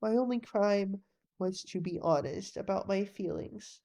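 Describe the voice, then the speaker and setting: A hushed, gentle teenage boy, earnest and dutiful, as a woman reads him. His slow, mellow lines stay soft and low in level. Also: close to an everyday voice. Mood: sad, soft. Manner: quiet and soft-spoken.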